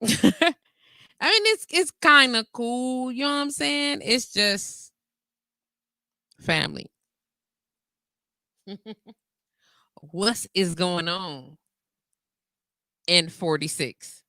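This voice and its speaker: A woman in her 40s hosts a casual live call-in show on internet radio, her fairly high voice moving very slowly with frequent pauses over a dry recording. She's candid and animated, laughing often and reading listener comments aloud.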